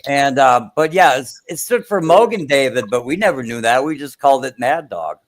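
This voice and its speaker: Hesitant man with lively pitch. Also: moderate pace. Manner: hesitant, filler-heavy, chuckling. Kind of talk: casual chat.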